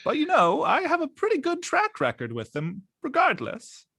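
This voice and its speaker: A prim, confident older woman sleuth, as a man puts her on in a tabletop game. The voice is pushed high and bright, and the delivery stays wry throughout. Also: huge pitch swings, moderate pace, no room sound, studio quality, heavily acted.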